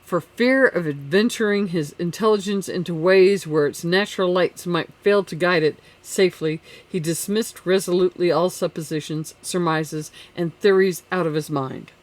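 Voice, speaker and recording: Measured audiobook narrator. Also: medium pitch. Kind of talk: scripted narration of a classic novel.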